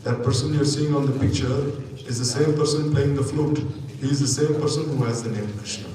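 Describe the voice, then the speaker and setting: A man's voice: medium pitch, dark tone. A man giving a scripture lecture as a spiritual teacher, explaining at length and tossing in tag questions. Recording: echoey hall from far off, faint noise.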